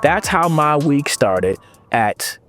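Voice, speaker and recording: A lively man from California, a motivational speaker, chats with students in a playful, sing-song way. His voice sits a little high for a man. Quiet music plays under him. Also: slow pace. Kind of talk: casual storytelling to students.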